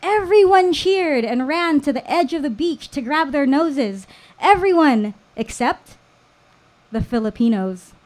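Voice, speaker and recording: A woman in her thirties telling a personal story live on stage at a small venue, slow and deliberate with dramatic pauses. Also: high voice, expressive, darkish tone. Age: 30s.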